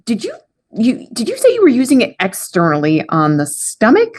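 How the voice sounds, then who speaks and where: A woman's voice: a little high, huge pitch swings, moderate pace. A woman interviewing guests, reacting with curiosity and surprise. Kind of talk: conversational interview.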